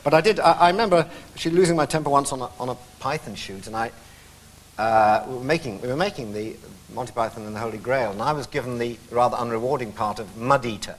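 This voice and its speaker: A man who is a talk show guest, telling stories in an animated, self-mocking way and often laughing. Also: mid-range voice, fast talker, a little hiss or hum. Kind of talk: anecdotal storytelling on a talk show.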